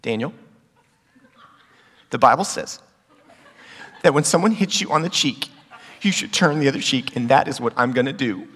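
A man's voice: mid-range voice, animated, moderate pace, pauses often, fairly bright tone, a little hiss or hum, voice pushed down, lightly acted. A man voicing his prim, preachy ten-year-old older brother with a lecturing, sanctimonious manner, in a big reverberant hall. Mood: pious.

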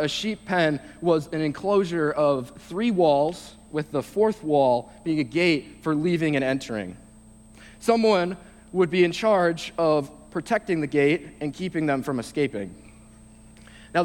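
A young man giving a short sermon, reading scripture slowly and then explaining it in a halting, casual way. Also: fairly high pitch, darkish tone. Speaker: youth speaker. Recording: long reverb of a large hall.

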